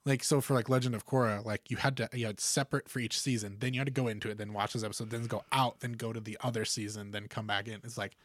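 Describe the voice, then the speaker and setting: A man's voice: medium pitch, steady tone, fast, few pauses, a bit bright, dry recording. A man co-hosting a casual podcast chat, rambling and full of fillers. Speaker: podcast co-host.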